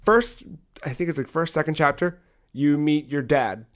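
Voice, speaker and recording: A young man co-hosting a casual podcast, retelling a video game story with lively acted-out dialogue and frequent swearing. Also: fairly high pitch, normal speed. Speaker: podcast co-host.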